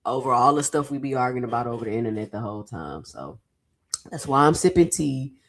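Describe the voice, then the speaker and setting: A woman hosting a casual boxing commentary vlog, chatty and slangy, her throat a little sore from yelling. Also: a bass voice, animated, fairly quick.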